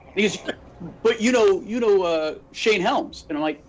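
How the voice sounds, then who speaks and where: There's a little hiss or hum behind this high-pitched man speaking at normal speed. He co-hosts a podcast from Phoenix, Arizona, swapping stories casually and acting out quotes as an animated storyteller.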